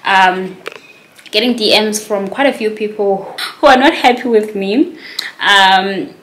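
A woman's voice: medium pitch, takes it slowly, fairly bright tone. A woman in her twenties, talking casually to camera in a rambling, self-conscious way. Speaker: vlogger. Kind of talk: casual vlog chat to camera. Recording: echoey room.

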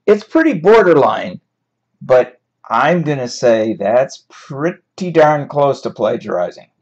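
A man's voice: medium pitch, very animated, takes it slowly, darkish tone. A man teaching a writing class in a chatty, wry way, laughing now and then at his examples. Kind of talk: classroom lecture on paraphrasing. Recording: dull lo-fi recording.

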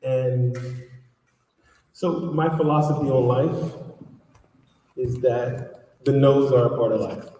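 A man's voice: mid-range voice, slow, pauses often. A man telling a long story to a live audience at an author event, acting out the voices in it. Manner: animated storyteller, acts out dialogue. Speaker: author speaking at a book event. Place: large echoey hall. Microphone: distant from the recording mic. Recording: echoey hall recorded from far off.

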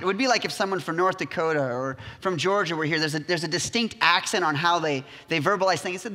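High, bright-voiced preacher in a big hall. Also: male voice, fast talker. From United States. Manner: animated storytelling, acting out quotes. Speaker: pastor. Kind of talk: sermon. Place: church sanctuary. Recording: reverberant church hall.

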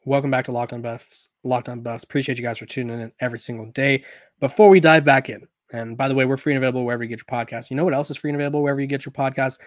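A man's voice: mid-range voice, steady tone, rapid-fire, dry recording, clean studio sound. A man hosting a sports podcast in a casual, conversational way, often restarting and correcting himself, while he has the hiccups. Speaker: podcast host.

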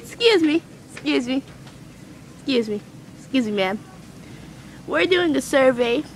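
High, lively, giggly woman. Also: a little slow, slight background noise. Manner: giggly, teasing. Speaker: cousin in a prank vlog. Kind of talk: casual chat. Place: big store, indoors.

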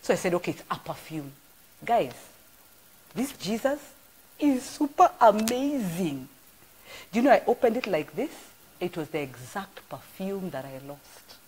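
A middle-aged woman, preaching an informal live-streamed sermon as an animated storyteller full of exclamations. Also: mid-range voice, unhurried, breathy edge. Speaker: church apostle.

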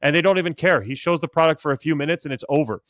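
A man's voice: a little high, racing, fairly bright tone, dry recording, studio quality. A middle-aged man, a sales coach, giving advice in a podcast interview and acting out buyers' lines with lots of energy.

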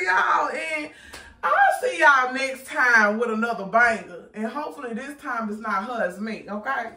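A high, bright woman's voice with features, teasing and laughing through a casual prank vlog at an unhurried pace. She holds the phone herself, so she sounds a little far off. The room gives an echoey ring behind her. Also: lively intonation. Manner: playful, teasing, laughing often. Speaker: vlogger. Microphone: phone held in hand.

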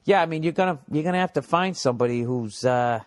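A fairly high-voiced man riffs through a podcast monologue. He talks loud and jokey and swears freely, and his voice is a little cracked today. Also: fast. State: slightly cracking voice. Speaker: podcast host. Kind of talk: casual podcast monologue with ad read.

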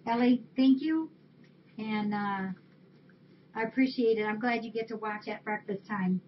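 A shelter webcam host with a slightly high voice speaks at a measured pace, casually reading out holiday cards and thanking those who sent them. A little hiss or hum runs through the dull, lo-fi recording.

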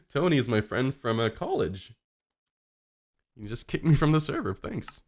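A young man doing live gameplay commentary, excitable and foul-mouthed, yelping and laughing at every surprise. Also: medium pitch, measured pace. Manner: excitable, swears a lot, yelps and laughs at surprises. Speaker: game streamer.

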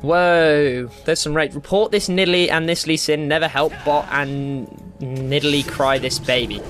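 A man's voice: a little high, normal speed, few pauses, soft background music. A young man giving live gameplay commentary, ranting and swearing as he plays. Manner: ranting, swears a lot, excitable. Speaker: gamer.

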